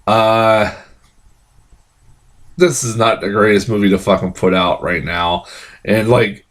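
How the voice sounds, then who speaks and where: A man's voice: lowish voice, fairly even intonation, slow pace. A man reviewing a film in a casual, exasperated rant, swearing freely and restarting sentences with lots of fillers.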